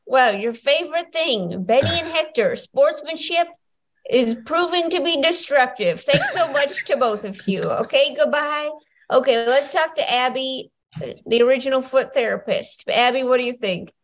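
A woman's voice: high voice, moderate pace. Playful woman hosting a comedy call-in. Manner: playful, mock-exasperated. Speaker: podcast host. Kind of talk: comedic call-in game show banter.

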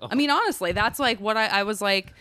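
Woman podcast host, chatty and eager, mid-pitch voice, dry close mic. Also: lively intonation, brisk, bright, forceful tone, dry recording. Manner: eager, chatty, with frequent agreeing interjections. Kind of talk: casual conversation.

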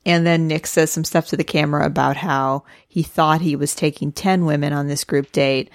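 A woman's voice: low-pitched, steady tone, moderate pace, dry recording, clean studio sound. A woman co-hosting a podcast, casually retelling reality-show plot and laughing easily. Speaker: podcast co-host. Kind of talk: casual recap narration.

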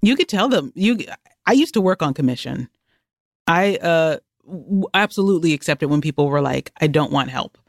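A woman chatting as a podcast guest, animated and jokey, with quick asides. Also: fairly low pitch, dry recording, clean studio sound. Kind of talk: casual conversation.

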